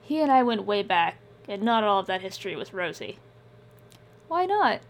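A woman reading first-person scripted fiction in a measured, subdued way. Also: mid-range voice. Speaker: audiobook narrator.

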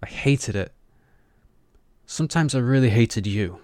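A man's voice: medium pitch, expressive, a little slow, a little mellow, dry recording, clean studio sound, close to an everyday voice. A man voicing a cocky, roguish young man who talks back with crude, teasing defiance. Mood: confessing.

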